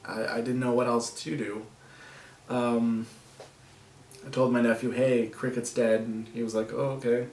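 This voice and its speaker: A man vlogging to the camera, talking in a soft, halting way with nervous laughs and long pauses. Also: mid-range voice, level tone, echoey room, distant mic, a little hiss or hum, rough recording. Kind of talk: personal vlog talking to camera.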